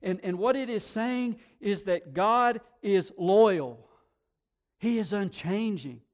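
A man preaching a sermon to a congregation, animated, often repeating words and swinging between soft and loud delivery. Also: high-pitched, slow. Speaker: pastor.

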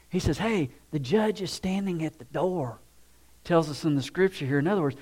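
A man with a high voice preaches a sermon with an animated delivery. He shifts his tone to play out little scenes and chuckles along the way. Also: normal speed, breathy edge. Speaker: pastor.

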